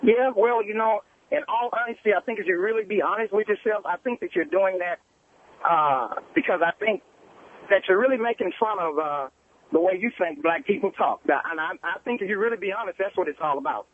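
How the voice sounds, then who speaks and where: High-voiced male caller on a tinny phone line. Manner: halting, hesitant, earnest. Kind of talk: radio call-in complaint.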